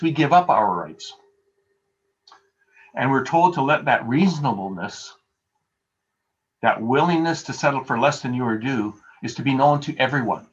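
Guy preaching a sermon on a video call, chatty and self-deprecating, mid-pitched voice, audio kinda dull and muffled. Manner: conversational, anecdotal, self-deprecating. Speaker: pastor.

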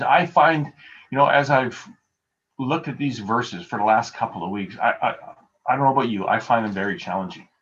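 A man's voice: medium pitch, highs cut off. A man preaching a sermon as pastor, earnest and emphatic, repeating key phrases for weight.

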